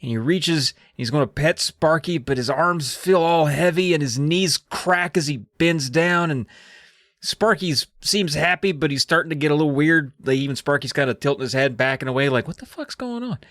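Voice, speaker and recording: A podcast co-host casually recapping a spooky book, telling it with lively, swearing storytelling. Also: mid-range voice, normal speed, no echo, clean studio sound.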